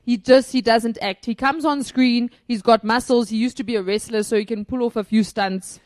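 A woman's voice: a little high, fairly even intonation, normal speed, a little mellow. Opinionated woman reviewing a film. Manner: opinionated, emphatic, laughs often. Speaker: podcast co-host. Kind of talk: casual film review chat.

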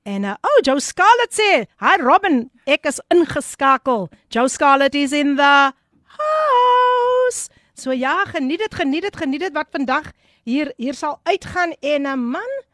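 A South African woman hosting a live show, reading out listener greetings in a lively voice that switches between English and Afrikaans. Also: high voice, moderate pace, dry recording, clean studio sound. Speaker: host.

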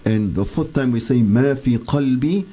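Earnest man with a mellow, husky voice. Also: mid-range voice, measured pace. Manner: earnest, emphatic, repeats phrases for stress. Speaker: Islamic scholar answering listeners on radio. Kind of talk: radio talk on faith, leading remembrance.

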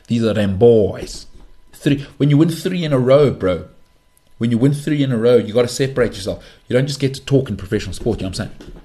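A man's voice: lowish voice, darkish tone. A man with a South African accent hosting his own show, giving an emphatic, slangy football opinion monologue. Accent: South African English. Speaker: show host. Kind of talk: opinionated sports commentary monologue.

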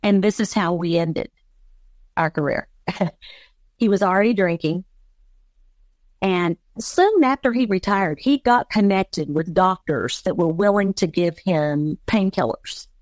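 A woman's voice: lowish voice, lively intonation, measured pace, no echo. A woman in an interview, speaking candidly about her husband and laughing now and then while telling hard memories. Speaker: interviewee, wife of a former football player. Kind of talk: personal interview.

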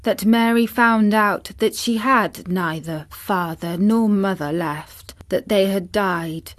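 Slow, gentle woman storyteller. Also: mid-range voice. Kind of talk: slow storybook reading aloud.

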